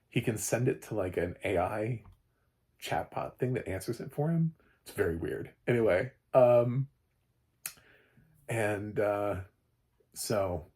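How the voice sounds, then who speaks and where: A man with a low, gravelly, husky voice talks through a film review in a loose, casual way. He rambles and restarts, and his voice jumps up sharply when he gets animated.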